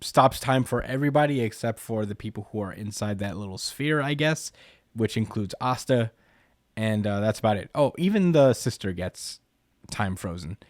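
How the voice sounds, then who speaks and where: A man's voice: fairly low pitch, animated, normal speed, no echo, clean studio sound. A young man co-hosting a podcast, casually recapping a story with lots of fillers. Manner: loose, filler-heavy storytelling. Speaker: podcast co-host. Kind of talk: casual chat, recapping a comic chapter.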